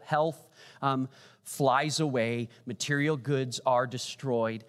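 A man preaching a communion sermon as pastor, earnest, swinging from raised declarations to hushed pleading questions. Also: medium pitch. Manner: earnest preaching, rising then dropping to hushed pleas. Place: church sanctuary. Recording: long hall reverb.

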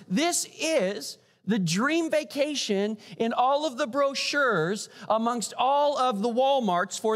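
A man preaching a sermon as pastor, animated and rising high for emphasis. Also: takes it slowly. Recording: long church hall reverb.

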